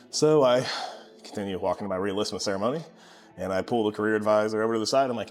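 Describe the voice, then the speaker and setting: A man, telling a casual story about starting his gym, sarcastic and lively when he quotes people. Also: fairly low pitch, fast talker, faint music behind. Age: 20s. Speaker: gym owner vlogger.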